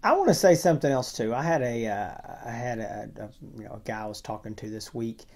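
A man co-hosting a review podcast in casual conversation, often dropping to quiet asides. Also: mid-range voice, animated, fast. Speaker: podcast co-host.

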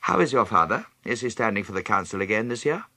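Guy reading as stern cutting headmaster, low husky voice, precise and measured, audiobook. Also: sing-song, pushed and bright, no room sound, heavily acted. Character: stern, quietly menacing male school headmaster.

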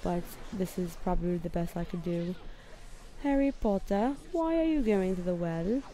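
A young woman chats over a match in a deliberately put-on London accent, rambling and poking fun at herself. Her voice sits low for a woman and has a mellow, soft tone. She is recording casual gameplay commentary from her bedroom. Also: lively intonation, slight background noise. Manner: rambling, self-deprecating. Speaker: gamer.

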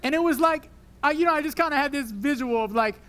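A young man preaching a sermon at a church service, animated and emotional, later praying softly. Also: very high voice, quick pace, a little hiss or hum. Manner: animated, emotional preaching that drops to a soft prayer. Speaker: pastor.

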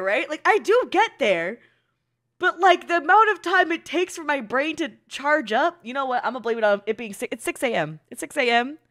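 A woman's voice: sits high, sharp tone. A woman hosting an anime reaction video, chatting casually, giggling often and teasing herself. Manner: giggly, chatty, self-mocking, swears casually. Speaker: anime reaction channel host.

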